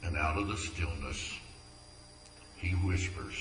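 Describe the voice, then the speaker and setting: A man's voice: low-pitched, lively intonation, unhurried, pauses often, background noise. A man earnestly reading his own poems aloud at a community event, tender and heartfelt. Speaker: poetry reader. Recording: echoey room from far off.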